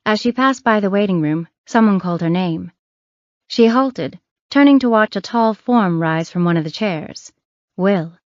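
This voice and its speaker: A woman's voice: medium pitch, animated, normal speed, a little mellow, no echo. Woman narrating an audiobook, dry and muffled.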